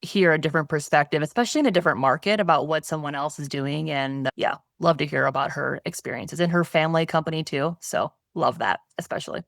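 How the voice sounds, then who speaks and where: A woman's voice: low-pitched, fast, creaky, few pauses, a bit bright, no room sound, clean studio sound. A woman, a business owner, talking as a podcast guest in an upbeat, enthusiastic way. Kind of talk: casual conversation.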